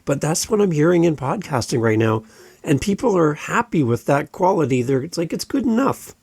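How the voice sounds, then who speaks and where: A man on a podcast coaches listeners on running their shows. His voice sits a little high with a gravelly edge, and he drives each point home with emphatic repetition. He is recorded close on a dry mic. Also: expressive, fairly quick, a little mellow, dry recording. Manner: direct and emphatic, repeats key points. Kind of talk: podcast advice talk. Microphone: close studio microphone.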